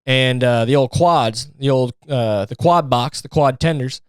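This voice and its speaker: A man's voice: medium pitch, a little slow, smooth, dry recording. A young man hosting a podcast, telling stories in a rambling, profane, joking way and mimicking people for laughs. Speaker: podcast host. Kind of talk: casual comedic monologue.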